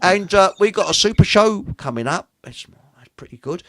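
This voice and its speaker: A man's voice: high voice, animated, moderate pace, a crowd in the background. A man hosting a casual livestream, rambling, joking, swearing and reading out viewer comments. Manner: jokey, rambling, swears, laughs often. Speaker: livestream host.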